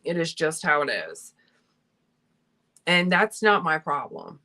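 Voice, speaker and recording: Young woman doing her makeup on a livestream, kinda low voice, blunt and heated, swears a lot. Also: sing-song, slow, pushed and bright. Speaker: beauty vlogger hosting a livestream. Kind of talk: casual livestream chat while doing makeup.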